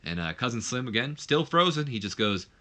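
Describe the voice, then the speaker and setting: A man's voice: medium pitch, very animated, brisk, sharp tone. A man hosting a let's play, commenting casually on a wrestling management game in a rambling way and often correcting himself.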